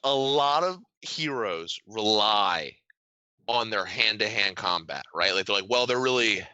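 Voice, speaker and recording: A young man co-hosting a podcast in casual banter, rambling and animated, swearing often and laughing a lot. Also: lowish voice, unhurried, no echo, highs cut off. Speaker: podcast co-host.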